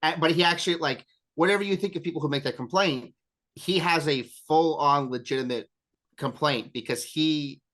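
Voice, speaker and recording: A man's voice: a little high, moderate pace, fairly bright tone. A man chatting casually as a game master, rambling with self-deprecating asides. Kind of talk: casual chat.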